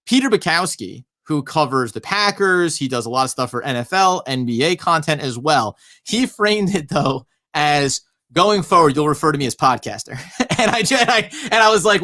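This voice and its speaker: A man co-hosting a sports podcast in casual chat, animated and laughing as he acts out quotes. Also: fairly high pitch, fairly quick. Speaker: podcast co-host.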